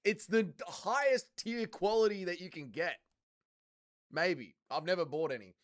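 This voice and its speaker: Man, Australian accent, young adult, livestream host, blunt, joking, animated pitch. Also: measured pace. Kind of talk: casual watch-along chat, reading viewer comments.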